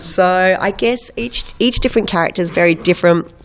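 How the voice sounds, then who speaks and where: An Australian actress in her thirties chatting as an interview guest, animated and quick with impressions, still getting over a head cold. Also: lowish voice, a little hiss or hum. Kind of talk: casual chat.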